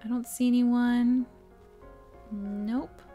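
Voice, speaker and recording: A woman giving relaxed, soft and musing commentary while playing a video game. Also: fairly high pitch, extremely slow, soft background music. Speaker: let's play streamer. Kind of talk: relaxed let's-play commentary.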